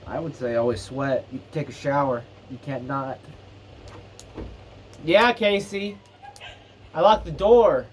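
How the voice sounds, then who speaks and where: A man's voice: mid-range voice, slow, pauses often, a little hiss or hum. Blunt, laid-back young man on radio. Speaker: radio show co-host. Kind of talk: casual radio chat.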